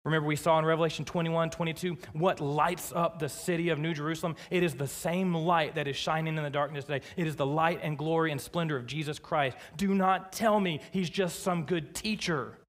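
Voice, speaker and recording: A man's voice: on the high side, fairly even intonation. Emphatic preaching man, echoing church. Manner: emphatic preaching, slowing down to stress scripture. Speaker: pastor. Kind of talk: sermon. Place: church sanctuary. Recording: long church reverb.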